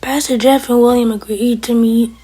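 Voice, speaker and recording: A woman's voice: a little high, steady tone, normal speed, mellow, husky, low-quality recording. A woman casually reviewing a TV episode, retelling scenes line by line with blunt opinions, sometimes dropping to a whisper. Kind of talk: casual recap and commentary.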